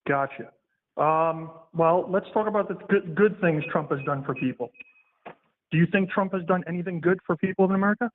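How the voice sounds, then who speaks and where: A combative male caller argues over a tinny phone line, his voice high and his delivery fast. He repeats himself and swears freely, and the line sounds dry and thin. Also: dry recording. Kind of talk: heated phone-in argument.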